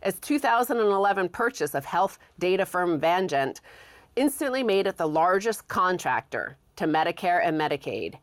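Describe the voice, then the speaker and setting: Measured woman reading news quotes. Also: lowish voice, big pitch swings, no echo. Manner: measured, explanatory. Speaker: co-host. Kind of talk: talk show commentary, reading news quotes.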